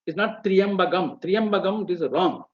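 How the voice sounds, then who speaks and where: A man's voice: fairly high pitch, lively intonation, slightly rough. A middle-aged man with an Indian accent gives a spoken lecture on chanting rules, hesitating with many fillers and breaking into sample chants. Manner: halting, many fillers, demonstrates chants mid-sentence. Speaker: Vedic chanting teacher. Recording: muffled webinar audio.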